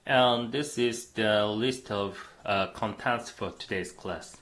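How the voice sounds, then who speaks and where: A man's voice: on the low side, takes it slowly, a bit bright. A man lecturing a university class on computing, explaining step by step with frequent "uh" fillers.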